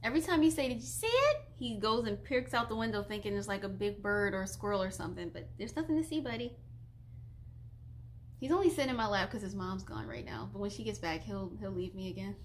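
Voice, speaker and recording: A woman's voice: medium pitch, fast talker, slight background noise. A woman in her twenties streaming casually, chatty and giggly, gushing like a fan while reading viewer questions. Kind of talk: casual live-stream chat.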